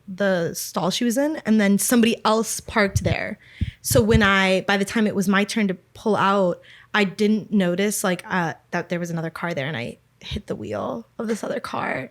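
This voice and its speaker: 20s woman cohosting a podcast, animated, laughs thru her stories, mid-range voice. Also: mid-range voice. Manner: animated storyteller, laughs through her telling. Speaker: podcast co-host. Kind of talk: casual chat.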